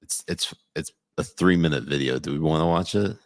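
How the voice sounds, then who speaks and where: A man with an extremely low voice and a gravelly fry talks through loose, joking banter. He often breaks off mid-sentence and restarts. The sound is close and dry, with no room on it. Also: fairly quick, dry recording. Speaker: podcast co-host. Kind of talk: casual comedic banter.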